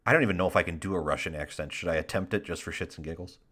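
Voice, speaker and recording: A man's voice: deep voice, racing, a bit bright. A man co-hosting a podcast in casual chat, joking, mocking himself and reading chat messages aloud. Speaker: podcast co-host.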